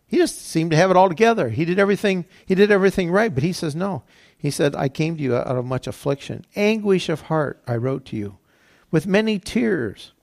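Gravelly-voiced preacher, repeating for emphasis. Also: male voice, fairly high pitch, animated, fast talker, darkish tone. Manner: reads scripture aloud then explains it in plain talk; repeats phrases for emphasis, many "you know" fillers. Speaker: pastor. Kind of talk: sermon.

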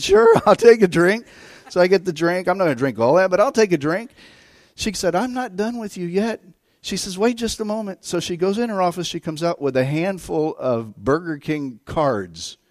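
A middle-aged man preaching a sermon as a guest preacher, telling stories and swinging between hushed and loud, excited delivery. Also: sits high, normal speed, dry recording, clean studio sound.

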